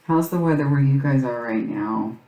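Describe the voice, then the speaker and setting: A woman's voice: extremely low pitch, normal speed, mellow, recorded from a distance. A middle-aged woman hosting a crafting video, chatting casually and rambling, often repeating her phrases as she works. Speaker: crafting channel host. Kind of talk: casual chat while crafting. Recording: roomy, set back from mic, faint noise.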